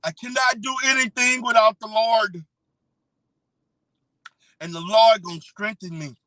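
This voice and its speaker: A man's voice: sits high, steady tone, a little slow, pushed and bright, no echo, rough recording. A man doing a whiny mock-crying pastor. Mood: mock-tearful. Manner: mock-tearful, pleading, swearing. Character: whiny self-pitying middle-aged male pastor begging. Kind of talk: parody impression.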